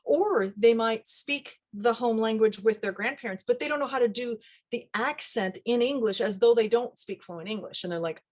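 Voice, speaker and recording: A middle-aged woman, a dialect coach, talking casually in an interview with lively asides. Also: fairly high pitch. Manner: animated, quick asides, laughs often.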